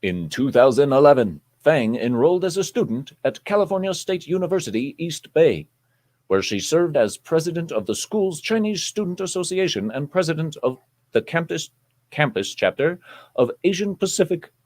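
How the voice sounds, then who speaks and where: A man's voice: a little high, big pitch swings, normal speed, a little mellow. Man reading news in a put-on anchor voice. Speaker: co-host reading a news article aloud. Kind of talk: reading news on a casual live stream.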